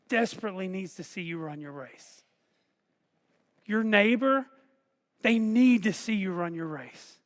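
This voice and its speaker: A man preaching a sermon as pastor, earnest and urging, building to loud repeated chants. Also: high voice. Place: church sanctuary. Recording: long hall reverb from a church livestream.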